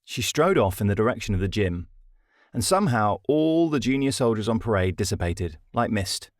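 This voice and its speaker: A man's voice: fairly low pitch, very animated, normal speed, no room sound, clean studio sound. A man with a British accent narrating his comedy audiobook in a wry, self-deprecating way. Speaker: narrator and author.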